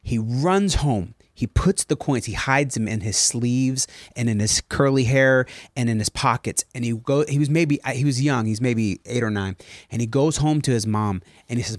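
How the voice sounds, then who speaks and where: A man's voice: mid-range voice, normal speed, dry recording, studio quality. A man co-hosting a podcast in casual chat, telling a story with enthusiasm and wandering off on tangents. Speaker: podcast co-host.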